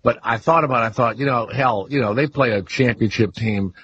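A man's voice: medium pitch, a little fast, fairly bright tone, husky, dry recording. Radio host guy, rambling questions, lots of restarts, muffled lo-fi audio. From New Orleans. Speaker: radio talk show host. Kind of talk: radio talk show interview.

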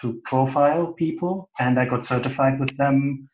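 A man with a German accent, talking in a casual interview over a video call, hesitant with many restarts and soft laughs. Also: mid-range voice, moderate pace, a little hiss or hum. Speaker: interview guest. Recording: echoey, dull lo-fi call audio.

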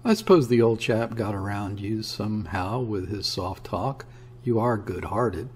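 A man's voice: on the low side, a little slow, slight background noise, lightly acted. Man doing a swaggering young sailor. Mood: blustering. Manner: blunt, offhand and rough-spoken. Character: boisterous young male sailor, scornful and swaggering.

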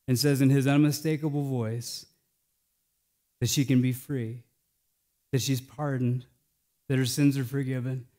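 Preaching in a mid-range voice, an American male pastor alternates between hushed, slowed phrases and loud, emphatic lines in his sermon.

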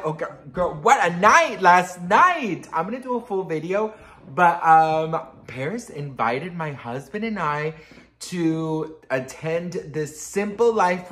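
A young man chatting as a pop culture gossip vlogger, sassy and animated, swearing freely and calling his viewers girl. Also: high-pitched.

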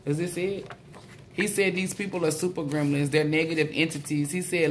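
A woman doing a casual spiritual tarot reading, excitable and blunt, swearing freely. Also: low voice, moderate pace, slight background noise. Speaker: tarot reader.

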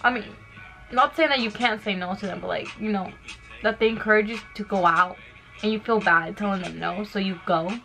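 Bright-voiced young woman chatting fast. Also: mid-range voice, vocal fry, faint music behind. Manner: fast-talking, full of "like" fillers. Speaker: beauty vlogger. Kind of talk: casual get-ready-with-me chat.

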